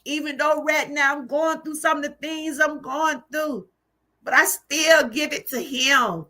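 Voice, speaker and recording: Woman host, slow and emphatic, bright sound, livestream testimony. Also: sits high. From Georgia, US. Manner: emphatic, repetitive, preacherly. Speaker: channel host.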